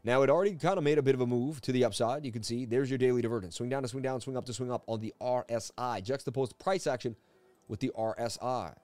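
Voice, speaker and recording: A man hosting a casual live stream of crypto chart analysis from his seat at a desk, talking in an energetic, rambling, jokey way. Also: mid-range voice, fast talker, no room sound. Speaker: crypto market analyst host. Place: seated at a desk indoors.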